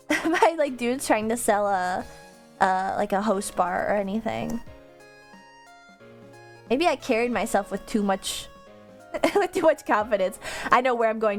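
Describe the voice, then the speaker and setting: A woman streamer chatting casually with her viewers, rambling into tangents and laughing often. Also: on the high side.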